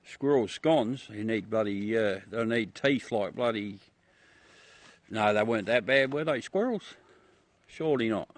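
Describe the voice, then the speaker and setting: A man's voice: lowish voice, a little slow, no room sound. A middle-aged man with an Australian accent, chatting casually to his livestream viewers outdoors at night, laid-back, chuckling and swearing freely. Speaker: livestream host. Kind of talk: casual rambling chat to viewers.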